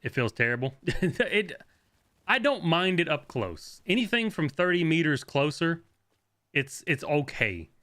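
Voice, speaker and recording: A young man comments on his own gameplay with an excitable, swearing energy. His voice is bright and sharp, and it swings widely in pitch as he reacts. Gunfire crackles behind him. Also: unhurried. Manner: excitable, swearing, laughing, answering chat. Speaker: game streamer.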